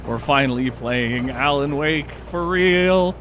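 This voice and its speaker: A man's voice: mid-range voice, a little slow, fairly bright tone, slight background noise. A young man casually commenting while he plays a game, reacting aloud, with the hiccups. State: has the hiccups. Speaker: gaming channel host. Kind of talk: casual let's-play commentary. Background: game music.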